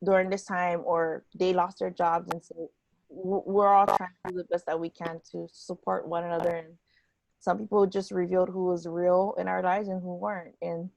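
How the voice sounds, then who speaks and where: A woman's voice: fairly low pitch, little pitch movement, normal speed, gravelly, darkish tone, no echo, low-quality recording. A woman hosting a podcast interview, speaking earnestly and reflectively in a conversational way. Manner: earnest, reflective, with some restarts. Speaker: podcast host.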